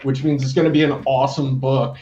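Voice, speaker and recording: A man's voice: medium pitch, little pitch movement, quick pace, dark tone, dull audio, slight background noise. A man chatting casually and enthusiastically with friends on a game stream. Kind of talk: casual chat.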